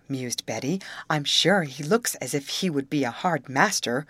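A woman reading a novel aloud as an audiobook narrator, in steady storytelling narration. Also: a bass voice, moderate pace, few pauses, dry recording.

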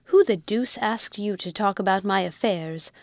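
A woman's voice: mid-range voice, moderate pace, no room sound, clean studio sound, close to an everyday voice. A woman reading as a fiery young army lieutenant. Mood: indignant. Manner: indignant, shouting. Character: hot-tempered young male army lieutenant. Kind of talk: audiobook reading.

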